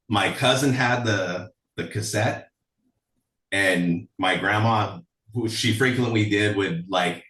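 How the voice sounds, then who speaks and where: A man's voice: fairly low pitch, a bit bright, roomy sound, far from the mic, low-quality recording. A man telling stories from his life in a casual interview, chatty and full of fillers, laughing often. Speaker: songwriter guest.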